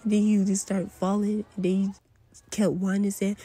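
A woman's voice: medium pitch, fairly even intonation, fairly quick, dark tone, a little hiss or hum. A woman performing a casual fan role-play audio drama, trading slangy, teasing banter as she voices several friends.

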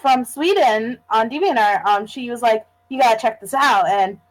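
A woman's voice: a little high, expressive, moderate pace, rough recording. A woman chatting on a voice call, recalling her past in a hesitant way. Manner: reminiscing, hesitant. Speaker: guest. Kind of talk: casual chat.

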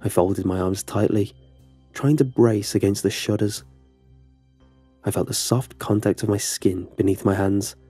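Low, husky horror narrator. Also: male voice, steady tone, a little slow, mellow, soft background music.

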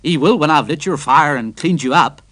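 A man's voice: fairly high pitch, moderate pace, fairly bright tone, natural voice. A man doing a hearty old engine driver.

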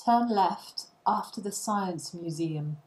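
Slow, measured woman reading phrases. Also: fairly low pitch, a little mellow. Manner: reads short phrases one by one with pauses. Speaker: language learning reader.

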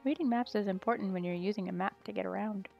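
A young woman streaming a video game, muttering to herself as she plays and bursting into excited squeals. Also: medium pitch, fast talker, vocal fry, dull audio, soft background music. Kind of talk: casual gaming stream chatter.

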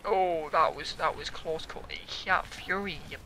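A young man, a gaming YouTuber, giving loud, excitable commentary on his own play, yelling, swearing and laughing. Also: fairly high pitch, unhurried, a little hiss or hum.

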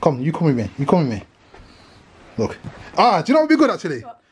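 A man's voice: fairly high pitch, wildly swooping pitch, fast talker, a little hiss or hum. A British man vlogging with his family, teasing and joking on a handheld camera. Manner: teasing, jokey, bantering. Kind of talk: casual family vlog.

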